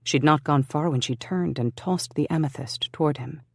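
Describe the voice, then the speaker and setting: Calm even storyteller voice, mid pitch, dry close recording. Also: moderate pace, husky, no room sound. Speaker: audiobook narrator. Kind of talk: scripted narration of a historical romance.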